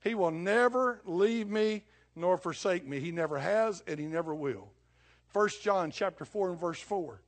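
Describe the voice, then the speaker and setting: A middle-aged man preaching a sermon, impassioned, swinging between loud declarations and low, hushed asides. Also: animated, moderate pace. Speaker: pastor.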